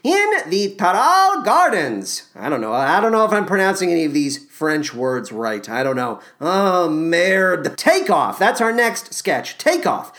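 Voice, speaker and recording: A woman's voice: lowish voice, big pitch swings, a little slow, few pauses, a bit bright. A woman hosting a podcast alone, talking casually in a wry, self-deprecating way. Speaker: podcast host. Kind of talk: casual solo podcast chat.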